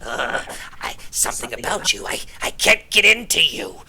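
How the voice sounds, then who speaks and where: A man voicing a tiny, jittery male gnome bookseller in a tabletop game, shrill and panicky. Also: sing-song, normal speed, gravelly, pushed and bright, husky, heavily acted. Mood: alarmed.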